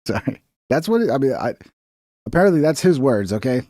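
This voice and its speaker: A man's voice: medium pitch, very animated, a little fast, mellow, dry recording, clean studio sound. A man in his thirties from Texas, giving casual, profane, sarcastic commentary on clips.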